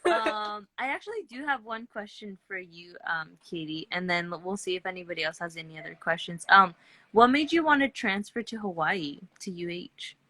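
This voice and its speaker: Bright, upbeat woman host. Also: fairly low pitch, lively intonation, normal speed, no echo. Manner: upbeat, chatty, encouraging. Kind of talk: casual interview chat.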